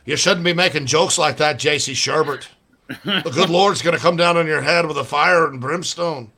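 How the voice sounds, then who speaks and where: A man's voice: a little high, normal speed, pushed and bright. A man hosting sports radio, rambling and joking in casual banter with bursts of laughter.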